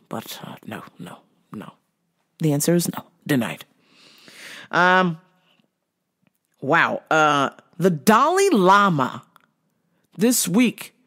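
A woman hosting a podcast, talking in a casual monologue, profane and exasperated, often laughing. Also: fairly low pitch. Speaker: podcast host.

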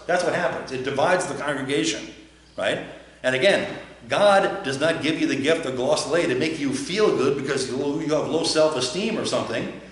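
A male pastor giving a chatty, joking sermon, often putting questions to the listeners. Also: mid-range voice. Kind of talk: conversational sermon. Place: church. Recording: very echoey church.

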